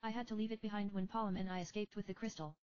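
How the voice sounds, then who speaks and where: A woman voicing a gentle, breathy young priestess girl who speaks softly and politely in a storybook reading. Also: medium pitch, fairly even intonation, rapid-fire, no echo, lo-fi sound, pitched above the performer's own voice, natural voice. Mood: earnest.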